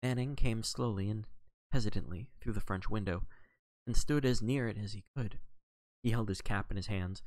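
A man's voice: fairly low pitch, moderate pace, darkish tone, no room sound. A man reading a classic mystery novel aloud on a livestream, narrating expressively. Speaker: audiobook reader on a livestream.

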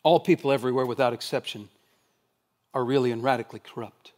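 A male pastor preaching a sermon, building through emphatic repeated rhetorical questions and dropping into low, quiet stretches to make his points. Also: steady tone, fast. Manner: shifts between loud proclaiming and low quiet stretches.

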